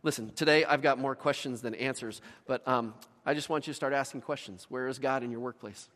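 Pastor preaching in a reverberant hall. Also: male voice, medium pitch, fairly quick, a bit bright. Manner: storytelling with voiced asides and laughs. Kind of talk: sermon. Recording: long reverb of a large hall.

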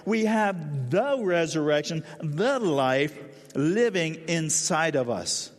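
A man preaching a sermon with feeling, dropping to a soft low voice at solemn moments. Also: animated, takes it slowly, in a large hall. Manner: emotional, drops to soft low voice at solemn lines. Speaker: pastor.

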